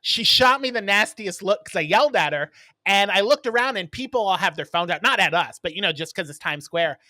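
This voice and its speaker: Bright-voiced man telling animated stories. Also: sits high, fairly quick, dry recording. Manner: animated storyteller who acts out quotes. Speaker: podcast co-host. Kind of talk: casual chat.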